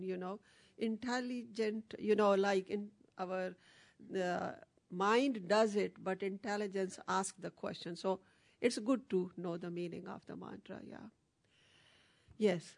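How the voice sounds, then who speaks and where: A woman's voice: medium pitch, fairly even intonation, a little slow, gravelly. A woman teaching meditation to a small group, explaining with many fillers and restarts. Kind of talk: lecture with audience questions.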